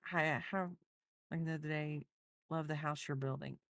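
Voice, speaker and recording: A woman's voice: low-pitched, fairly even intonation, moderate pace, gravelly, fairly bright tone, no echo. A woman crochet streamer in a rambling, chatty livestream, talking to her viewers. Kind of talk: casual livestream chat.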